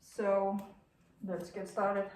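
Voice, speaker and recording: A woman's voice: mid-range voice, flat delivery, extremely slow, a little mellow, slight background noise. A middle-aged woman narrating her DIY home renovation in a casual vlog, talking to herself as she works, with many fillers and restarts. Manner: chatty, self-talking while working, many fillers and restarts. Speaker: DIY vlogger. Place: living room under renovation, indoors.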